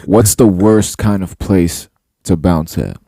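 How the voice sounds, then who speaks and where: A man co-hosting a podcast, asking questions in a slow, drawn-out casual way. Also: sits low, dark tone, dry recording, studio quality. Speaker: podcast co-host. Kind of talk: casual chat.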